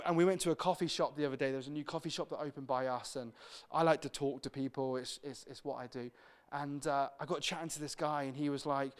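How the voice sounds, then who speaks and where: Chatty British pastor, smooth voice. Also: male voice, a little high. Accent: British English. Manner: chatty storytelling, acts out the people he quotes. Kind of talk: sermon.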